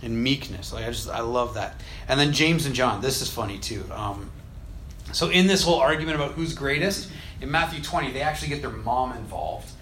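In a casual faith discussion, a man energetically recounts scripture stories, acting out the quoted lines and laughing often. He's animated and a little fast, dropping to a soft, low voice for the gentle points, with slight background noise.

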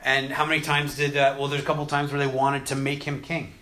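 In a casual conversation about faith, a man tells scripture stories with energy, acting out the quoted lines and laughing often. On the gentle points his voice drops soft and low. His delivery is otherwise completely flat and a little fast.

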